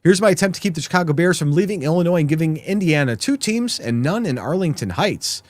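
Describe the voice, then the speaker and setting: A man's voice: a little high, expressive, fast, no room sound. A man hosting a live political commentary show, talking sarcastically and mockingly to his viewers.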